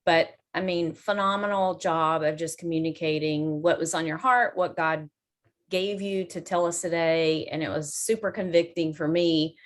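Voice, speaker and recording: Grateful woman host with a very low voice. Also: fairly even intonation, normal speed. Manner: grateful and earnest. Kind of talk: closing remarks.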